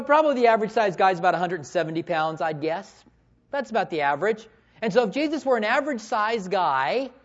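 A man preaching a sermon, telling stories with animated swings between loud bursts and hushed tones, on a dull lo-fi recording. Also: high voice. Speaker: pastor. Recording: dull lo-fi sound.

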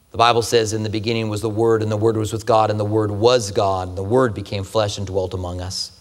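A man preaching a conversational sermon, asking the listeners rhetorical questions. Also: mid-range voice. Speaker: pastor. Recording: long hall reverb.

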